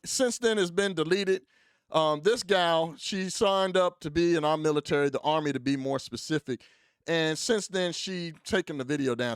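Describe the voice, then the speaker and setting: A man's voice: a little high, dry recording. A man hosting a commentary show, talking in a rambling, casual way with lots of fillers and speaking straight to his listeners. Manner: rambling, filler-heavy, addresses listeners directly. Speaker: commentary channel host.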